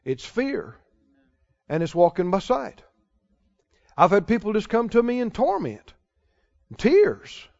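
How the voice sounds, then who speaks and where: High-voiced emphatic male preacher. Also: big pitch swings, creaky, a little mellow. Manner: emphatic, repeats phrases, slows down on scripture. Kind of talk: sermon. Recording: dull lo-fi sermon recording.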